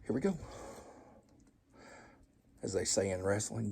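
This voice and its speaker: Brief: male cooking vlogger, folksy and self-deprecating, husky voice with a lively, swooping delivery. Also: lowish voice, unhurried. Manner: folksy, self-deprecating, joking asides to viewers. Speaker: home cooking show host. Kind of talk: casual cooking vlog, tasting and chatting.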